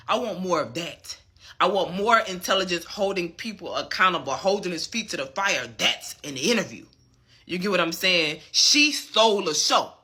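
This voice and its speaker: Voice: medium pitch, expressive, normal speed, bright, forceful tone, husky. A vlogger delivering a fired-up, profane commentary rant and repeatedly checking in with the listener. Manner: emphatic and profane, often asking "you get what I'm saying". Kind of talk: ranting commentary.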